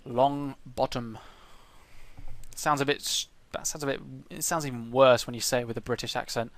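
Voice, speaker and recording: A man with a medium-pitched, everyday voice talks through his strategy game in casual let's play commentary. He thinks aloud, pausing often and filling the gaps with "uh" and "um". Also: a bit bright, soft background music. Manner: thinks aloud, hesitant, many fillers.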